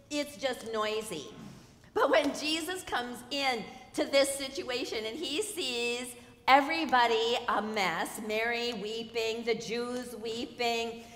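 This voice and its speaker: A woman giving a sermon as a guest preacher, expressive, moving between hushed lines and loud emphatic ones and asking the congregation questions. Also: a little high, slow pace. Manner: speaks directly to the congregation with questions. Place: church sanctuary. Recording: echoey church with long reverb.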